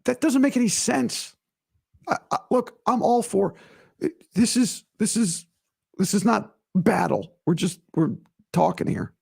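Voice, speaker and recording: Raspy animated male podcast host. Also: high-pitched, unhurried. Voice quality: raspy, gravelly. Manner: animated, emphatic, repeats himself. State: strained, recovering voice. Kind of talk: casual solo podcast talk.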